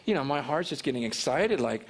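A man preaches earnestly, telling a personal story in a sermon and acting out what other people said. His medium-pitched voice is slightly rough, fairly quick, and lively in intonation.

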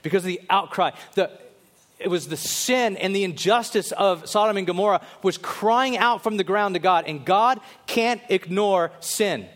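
A man preaching a sermon, swinging between loud, urgent exhortations and low, intense stretches. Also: normal speed. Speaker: pastor.

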